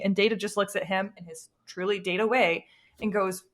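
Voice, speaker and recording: A woman co-hosting a casual podcast chat, chatty and quick to laugh. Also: mid-range voice. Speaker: podcast co-host.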